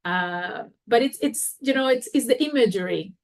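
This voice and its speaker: A woman hosting a podcast, telling a personal story in a candid, halting and expressive way. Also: fairly high pitch. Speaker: podcast host.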